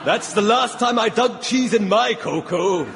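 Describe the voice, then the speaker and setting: A man's voice: sits high, unhurried, gravelly, heavy background noise. A man voicing a pompous, shameless Victorian novelist, theatrical and self-satisfied, in a comedy radio sketch. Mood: grandiose. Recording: loud music behind the voice.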